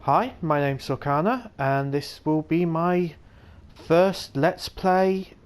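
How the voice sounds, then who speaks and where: Slow, hesitant man doing game commentary. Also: on the high side. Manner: hesitant, many fillers, self-deprecating. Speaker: let's play gamer. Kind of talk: casual gameplay commentary.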